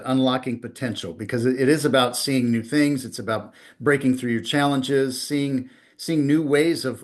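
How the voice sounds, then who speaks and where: A man with an ordinary mid-range voice hosts a podcast conversation. He talks with enthusiasm and often repeats a word before finishing his thought. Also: mid-range voice. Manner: enthusiastic, repeats words while starting sentences. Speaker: podcast host. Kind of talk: casual podcast interview.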